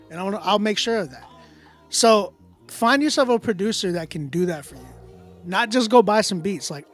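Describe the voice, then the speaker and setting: A man who is a music producer and engineer, giving loose, filler-heavy feedback on a live stream. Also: sits high. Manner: loose, conversational, many fillers and restarts. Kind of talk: casual livestream critique. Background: beat playing in the background.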